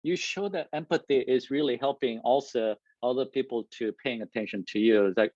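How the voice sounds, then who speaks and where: A man who speaks English as a second language, giving a lively, loud talk to a live and online audience, laughing often and asking the room "right?". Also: medium pitch, normal speed, few pauses, no echo. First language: not English. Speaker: guest speaker. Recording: dull lo-fi recording.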